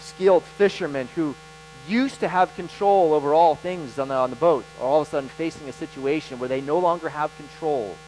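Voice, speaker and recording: A man delivering a sermon in a fairly high voice, animated and emphatic. He leans into dramatic pauses as he preaches, and a faint mains hum runs under the recording. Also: rough recording. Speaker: pastor.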